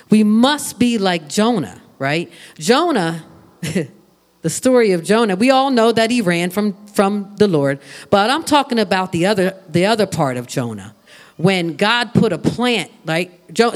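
A preacher delivering a sermon, talking animatedly to the congregation, often repeating words and asking questions. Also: medium pitch.

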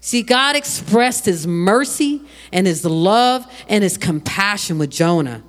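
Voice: medium pitch, animated, a little slow. A preacher delivering a sermon, talking animatedly to the congregation, often repeating words and asking questions.

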